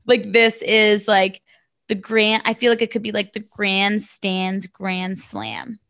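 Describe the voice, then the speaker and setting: A woman co-hosting a casual podcast, chatty and quick to laugh. Her voice sits in a middle range and sounds dry and close, with no room around it. She slips easily between banter and reading listener letters aloud. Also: mid-range voice, flat delivery, fairly bright tone, dry recording. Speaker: podcast co-host.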